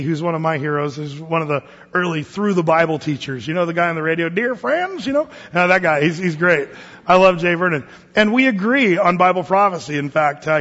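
High-voiced man preaching a conversational sermon. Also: fairly bright tone, big-room sound, dull audio. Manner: conversational Bible teaching with asides and restarts. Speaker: pastor.

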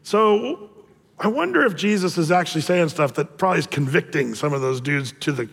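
Animated high-voiced male preacher. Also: brisk, gravelly. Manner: animated storytelling, acts out voices. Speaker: pastor. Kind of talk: sermon. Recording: reverberant hall.

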